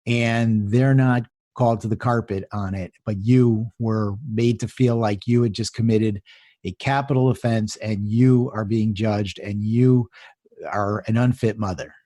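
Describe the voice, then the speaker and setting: A man's voice: fairly low pitch, steady tone, a little slow, mellow, dry recording. A male podcast co-host talking firmly and reassuringly in support of his guest. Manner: firm, reassuring pushback on the guest's behalf. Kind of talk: conversational podcast interview.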